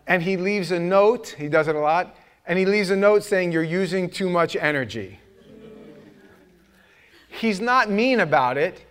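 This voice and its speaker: A middle-aged male pastor preaches with a fairly high voice. He tells animated stories, acts out the other voices, climbs to loud shouts, then drops to a low, earnest tone. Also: a little slow, clean tone. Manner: animated storytelling, acting out voices, shouting at peaks. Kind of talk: sermon.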